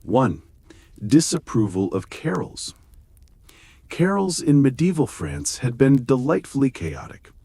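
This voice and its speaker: A man reading a scripted bedtime history story with wry, gently sarcastic humor. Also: mid-range voice, big pitch swings, unhurried, creaky, no room sound. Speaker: narrator.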